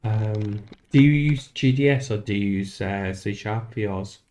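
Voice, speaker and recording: Low, slow man thinking aloud. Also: a little mellow. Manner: thinks aloud, halting and self-deprecating. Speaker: streamer making a game. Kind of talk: casual live-stream commentary while coding.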